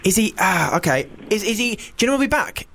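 A man's voice: high-pitched, fairly quick, creaky. Jokey male radio host. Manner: jokey, rambling, animated. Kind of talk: comic radio banter.

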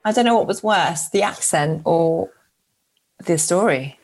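Lively sweary woman co-host. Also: on the low side, breathy edge. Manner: lively, sweary, quick to laugh. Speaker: podcast co-host. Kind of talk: casual chat.

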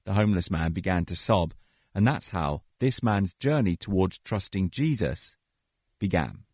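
A man hosting a radio programme, reading a story in a measured way and acting out its dialogue. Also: deep voice, expressive, a little mellow, husky, no room sound, studio quality. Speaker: radio host.

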